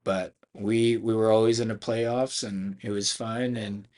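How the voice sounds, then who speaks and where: A man's voice: on the low side, fairly even intonation, measured pace, darkish tone. A middle-aged man from Philadelphia, a karate school owner, telling his life story as a podcast guest in a chatty, rambling way with many restarts. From Philadelphia, United States. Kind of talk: casual storytelling interview.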